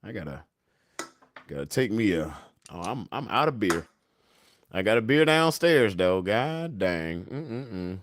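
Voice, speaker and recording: A man's voice: fairly low pitch, sing-song, unhurried, long pauses, slight background noise. A young man hosting a casual livestream, reading the chat and memes aloud, joking and laughing often in a laid-back way. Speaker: livestream host.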